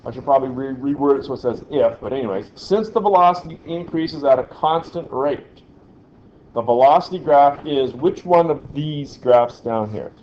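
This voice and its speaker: A man's voice: mid-range voice, lively intonation, moderate pace, darkish tone, lo-fi sound, a little hiss or hum. A man teaching a physics lesson in a classroom, quizzing the class as he goes. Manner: chatty, asks the class questions. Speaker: science teacher.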